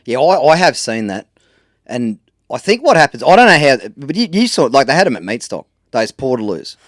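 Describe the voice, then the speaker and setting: Australian man, casual podcast co-host, rambling laid-back talk, lively rising and falling pitch, dry studio sound. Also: brisk, no echo. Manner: rambling, laid-back yarning with lots of fillers. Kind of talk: casual chat.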